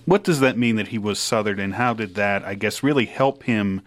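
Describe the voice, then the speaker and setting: A radio host from Pittsburgh interviewing a guest in the studio. His voice sits low for a man, and he strings his questions together in a loose, rambling way. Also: moderate pace.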